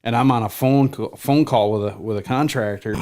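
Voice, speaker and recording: A man's voice: mid-range voice, brisk, dark tone. Joking co-host man, casual. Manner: joking, wry asides. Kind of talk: casual chat.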